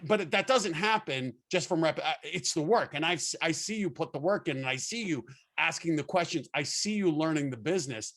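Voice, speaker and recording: A man interviewing a colleague in a casual chat, halting with many restarts and repeated words. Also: a little high, animated, fairly bright tone.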